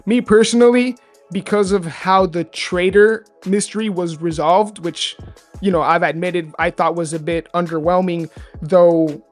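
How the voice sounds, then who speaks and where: A man's voice: sits high, fairly even intonation, measured pace, faint music behind. A man co-hosting a podcast, talking in a casual, rambling way and correcting himself as he goes. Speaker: podcast co-host. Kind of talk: casual chat.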